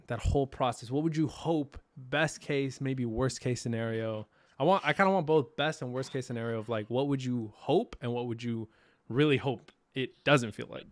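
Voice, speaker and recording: A man hosting a casual podcast that is streamed live. His voice sits at an ordinary middle pitch. He picks his words slowly, with frequent ums and pauses. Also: no room sound. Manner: hesitant, many ums, thoughtful pauses. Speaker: podcast host. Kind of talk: casual podcast chat, livestreamed.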